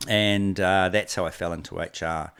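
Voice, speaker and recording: A low-pitched, gravelly yet smooth voice belongs to a New Zealand company co-founder in his forties, speaking at a moderate pace. As an interview guest, he tells relaxed, rambling stories and voices the quoted dialogue himself.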